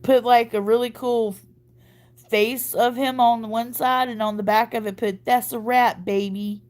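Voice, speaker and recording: A woman's voice: a little high, fairly even intonation, normal speed, a little mellow. A woman hosting a casual livestream chat, tired from crying and little sleep, laughing and stumbling over words. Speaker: livestream host.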